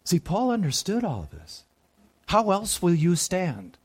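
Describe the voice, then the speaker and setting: A man's voice: sits high, huge pitch swings, measured pace, breathy edge. Preaching man asking the room questions. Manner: call-and-response questions to the congregation, dropping to soft asides. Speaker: pastor. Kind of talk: sermon.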